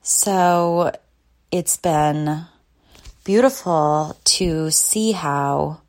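A woman in her thirties hosting her own podcast, talking slowly and softly while lying in bed, with pauses and sighs. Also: low voice. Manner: slow, relaxed and soft-spoken, with frequent pauses and sighs. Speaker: podcast host. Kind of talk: solo podcast chat.

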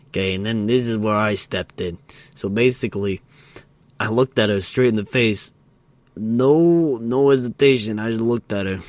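A tired man co-hosting a podcast, telling a story in a halting, casual way with lots of fillers and restarts. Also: lowish voice, steady tone, dry recording. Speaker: podcast co-host. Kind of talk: casual role-play storytelling.

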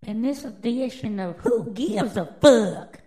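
Profane slow-talking woman host. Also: fairly high pitch, lively intonation, warm tone, low-quality recording. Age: adult, with children. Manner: profane, brash, drawling. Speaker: podcast host. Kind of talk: casual news commentary.

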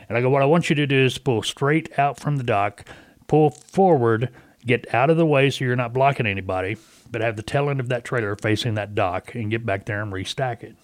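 A man's voice: medium pitch, brisk, dry recording. Middle-aged male radio host, folksy storyteller, dry close mic, casual chat. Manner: folksy, storytelling, acts out callers in quotes. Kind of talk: casual talk radio monologue.

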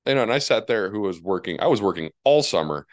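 A man in his twenties, a college pitcher, telling baseball stories in casual chat and acting out the people he quotes. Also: fast, dry recording, clean studio sound. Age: 20s. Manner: animated storyteller, acts out quotes in high voices.

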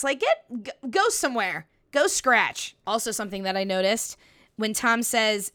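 A woman's voice: on the high side, sing-song, moderate pace, bright, forceful tone. A young woman hosting a casual solo podcast, talking bluntly and animatedly, swearing freely and acting out quotes. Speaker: podcast host.

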